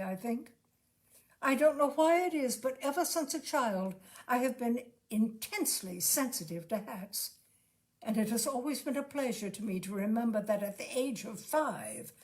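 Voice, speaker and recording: An earnest, gushing young lady with a slightly raised, bright-sounding voice, as a woman narrator puts her on. She heaps admiration with wide, lively swings in her tone, in a storybook reading. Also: on the high side, lightly acted.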